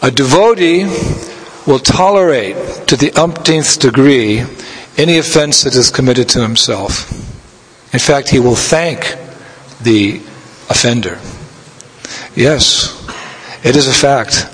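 A man giving a scripture lecture as a spiritual teacher, telling stories in a measured way and laughing now and then. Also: medium pitch, animated. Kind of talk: sermon. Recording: long hall reverb.

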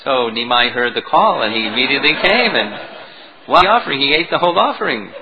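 A man lecturing as a spiritual teacher, retelling a devotional story in an animated way, on a dull lo-fi recording. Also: medium pitch, fairly quick, crowd noise. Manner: animated storytelling, chuckling at moments.

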